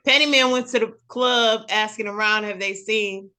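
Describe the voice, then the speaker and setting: A woman hosting a casual recap chat, telling the story with lively acted-out quotes. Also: a little high, normal speed. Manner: animated storytelling, acts out characters' lines. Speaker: show recap host.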